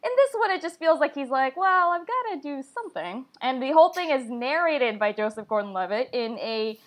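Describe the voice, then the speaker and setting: A woman's voice: sits high, lively intonation, brisk, a little mellow. A woman co-hosting a movie podcast, giving a chatty review full of "like" fillers. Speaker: podcast co-host. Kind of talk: casual movie review chat.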